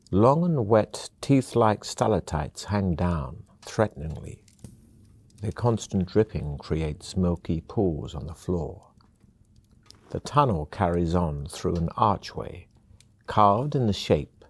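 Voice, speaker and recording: A man narrating a fantasy video game in scripted second person, in a calm, measured storytelling manner. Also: sits low, husky, no room sound.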